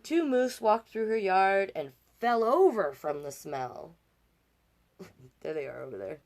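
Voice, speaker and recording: A woman's voice: medium pitch, very animated, measured pace, a little mellow. A woman from Canada reading a picture book aloud as storytime host, with chatty asides and playful sound effects.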